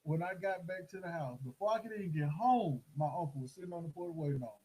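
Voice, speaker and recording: A middle-aged man telling a story in casual chat, animated and acting out the voices of the people in it. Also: on the high side, fast, slightly rough, rough recording. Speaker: host.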